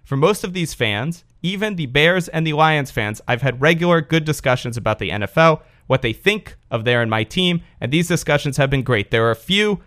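A man's voice: fairly high pitch, animated, a little fast, hardly any pauses, fairly bright tone. A man hosting a podcast, reading a listener's email aloud in a joking, sardonic way. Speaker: podcast host.

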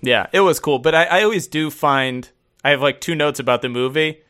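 A man co-hosting a casual chat, talking in an animated, rambling way with many fillers and frequent laughs. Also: fairly high pitch, a little fast. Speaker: podcast co-host.

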